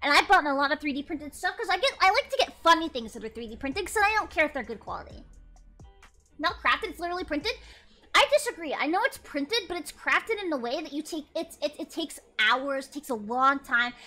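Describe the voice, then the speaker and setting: A woman in her twenties, a streamer chatting casually and reacting to memes in an animated, excitable way. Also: high voice, brisk. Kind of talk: casual chat.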